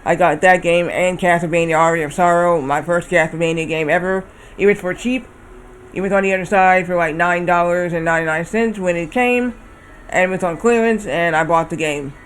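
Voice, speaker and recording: High-voiced man rambling on stream. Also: fairly even intonation, brisk, fairly bright tone, a little hiss or hum. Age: 30s. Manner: rambling, often corrects himself. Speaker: livestreamer. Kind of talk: casual chat while playing a game.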